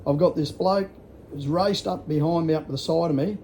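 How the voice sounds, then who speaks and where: Sixties Australian bloke vlogging, blunt and foul-mouthed, raised pitch with a soft warm tone. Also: male voice, moderate pace, a little hiss or hum. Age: 60s. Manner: rambling, blunt, heavy swearing. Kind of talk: casual storytelling.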